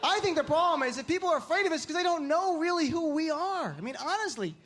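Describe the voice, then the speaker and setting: Guy doing standup, pretty high voice, punchy and animated, loud audience noise all around. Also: quick pace. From Lodi, New Jersey. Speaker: stand-up comedian. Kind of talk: stand-up comedy. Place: comedy stage. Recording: live venue with audience noise.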